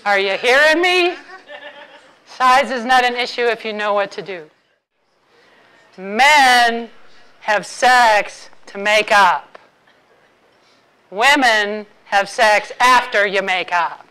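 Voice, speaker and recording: A woman's voice: fairly high pitch, slow pace, long pauses, bright, forceful tone, a little hiss or hum, rough recording. A woman author giving a humorous talk to a live audience, playfully quizzing the crowd. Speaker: author and intimacy speaker.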